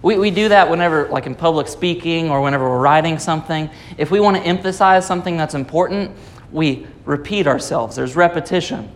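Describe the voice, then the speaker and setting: A man's voice: a little high, brisk. A man preaching a Sunday sermon, explaining scripture patiently and repeating key phrases for emphasis. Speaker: pastor.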